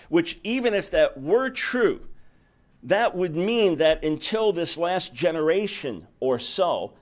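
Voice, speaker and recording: A man giving a public lecture as a radio host, earnest and emphatic, often repeating words as he starts a phrase. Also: on the high side. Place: lecture before an audience.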